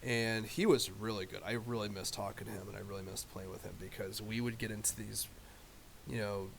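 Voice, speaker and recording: A man's voice: on the low side, fairly even intonation, brisk, creaky. Casual male streamer, loose and profane, telling a story with a faint hiss behind. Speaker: live streamer.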